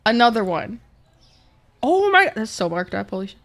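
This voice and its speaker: A woman's voice: fairly high pitch, big pitch swings, moderate pace, a bit bright. A woman streamer chatting casually and swearing a lot while playing a game and talking to her chat. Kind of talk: casual gaming livestream chat.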